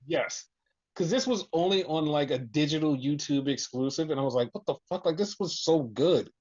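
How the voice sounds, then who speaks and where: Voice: mid-range voice, normal speed, muffled recording. A podcast host recapping in casual chat, swearing freely and acting out quotes. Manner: profane, animated retelling with voiced quotes.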